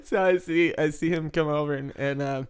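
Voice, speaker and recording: A man with a slightly high voice tells his story casually and with energy. He laughs often and acts out other people's lines, sometimes loudly. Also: fairly even intonation, a little fast, clean tone. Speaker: interviewee in recovery.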